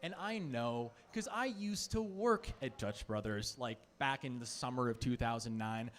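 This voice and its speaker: A man's voice: medium pitch, fairly bright tone. A man in his thirties from Phoenix, Arizona, performing a rambling, chatty stand-up set full of "like" fillers. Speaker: stand-up comedian.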